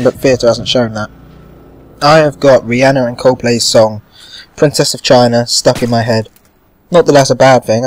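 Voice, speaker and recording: A man talks through his gameplay in a loose, rambling way and swears casually. His voice sits at an ordinary middle pitch. A faint hiss runs underneath. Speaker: gaming channel host.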